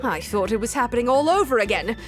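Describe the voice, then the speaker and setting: A polite neighbor, read by a woman, chats in a lively, friendly tone. His lines rise and fall easily, close to her everyday voice. He sounds like a sociable video game resident. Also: on the high side, quick pace, music in the background, natural voice.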